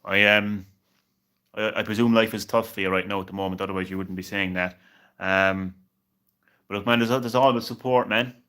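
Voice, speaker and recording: Bright-voiced young man chatting on stream. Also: fairly low pitch, steady tone, normal speed, long pauses. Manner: reassuring, says "man" constantly, stumbles and repeats words. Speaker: game streamer. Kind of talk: casual live-stream chat.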